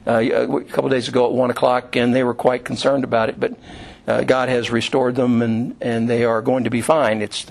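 A man's voice: mid-range voice, creaky. A man preaching a sermon to his congregation, telling a story in a loose, conversational way with many fillers and restarts. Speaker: pastor. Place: church room.

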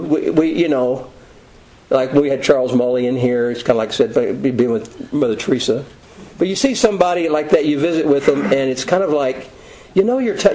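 Male preacher, slightly raised pitch, folksy conversational sermon delivery. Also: a little mellow, low-quality recording. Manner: conversational, folksy storytelling with quick asides.

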